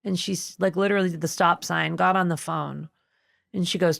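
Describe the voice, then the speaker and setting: Fairly quick and creaky, this woman's voice sits on the low side. As a podcast guest in the studio, she relates a personal story with feeling and expressively acts out the voices of people in it. The audio is clean, with no echo.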